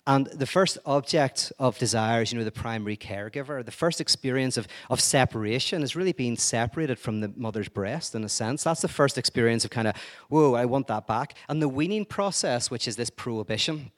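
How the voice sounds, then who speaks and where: A man's voice: medium pitch, animated, fairly quick, few pauses. A man giving an informal lecture in a conversational way, joking and acting out quoted speech.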